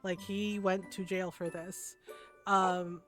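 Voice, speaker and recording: A woman's voice: fairly low pitch, little pitch movement, takes it slowly. A woman streamer telling personal stories in casual chat, often tagging her sentences with "right?". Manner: chatty, often adds "right?". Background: background music.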